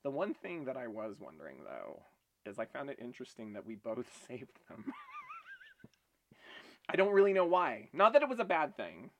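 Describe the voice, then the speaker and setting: A man's voice: medium pitch, normal speed, creaky. A man co-hosting a casual chat show, telling stories animatedly and laughing often. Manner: giggly, animated storyteller. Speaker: podcast co-host.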